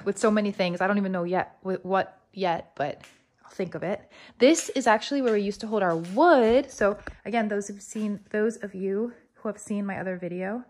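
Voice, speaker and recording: A woman vlogging as she walks through her renovated farmhouse, talking fast and excitedly in a casual, chatty way. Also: mid-range voice. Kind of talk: casual walk-through vlog.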